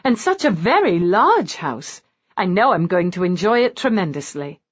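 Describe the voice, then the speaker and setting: A young bride, breathless and sweetly cheerful with a teasing edge, played by a woman reading an audiobook. Her voice rises high and moves in lively swings. The sound is dull and lo-fi. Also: normal speed.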